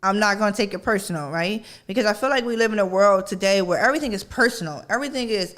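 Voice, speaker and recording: A woman's voice: mid-range voice, fast, hardly any pauses. Woman, radio host, chatty monologue, middle-aged. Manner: conversational, keeps asking "right?"; animated, acts out her own yelling. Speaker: podcast host. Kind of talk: casual talk-radio monologue.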